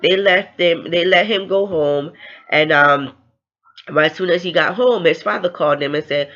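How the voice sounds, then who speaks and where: A woman's voice: lowish voice, normal speed, a bit bright, muffled recording. A woman recapping a novel in a casual, chatty way, with fillers and tag questions. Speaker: book reviewer.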